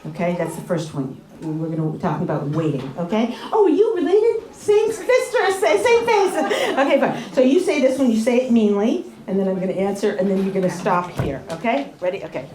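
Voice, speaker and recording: A woman leads a live workshop in an echoey room. She talks in a chatty, animated way, laughs a lot and acts out small quarrels. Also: mid-range voice, quick pace, hardly any pauses, crowd noise. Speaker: relationship workshop speaker. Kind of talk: live workshop talk to an audience.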